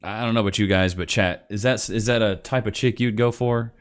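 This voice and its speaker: A man's voice: lowish voice, fairly even intonation, fairly quick, smooth. A man hosting a reaction commentary, sarcastic and mocking, calling his viewers "chat" and "bro.". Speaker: host reacting to clips.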